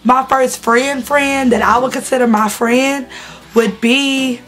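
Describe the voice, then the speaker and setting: This woman in her 20s from the Southern United States has a high, fairly bright voice, speaking slowly with fairly even intonation while faint music plays behind. As a vlogger, she shares candid, laughing stories to camera in a chatty, slangy manner.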